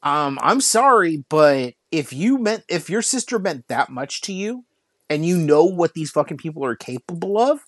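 A man's voice: on the high side, sing-song, moderate pace, fairly bright tone, dry recording. Ranting, foul-mouthed podcast man. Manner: ranting, frequent swearing and filler "like". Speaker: podcast co-host. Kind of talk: casual chat.

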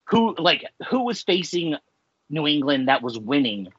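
A man's voice: a little high, big pitch swings, measured pace, a bit bright, slightly rough, no room sound, highs cut off. A man in his forties co-hosting a podcast, talking in a rambling casual way full of filler words and ranting. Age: 40s. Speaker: podcast co-host. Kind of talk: casual chat.

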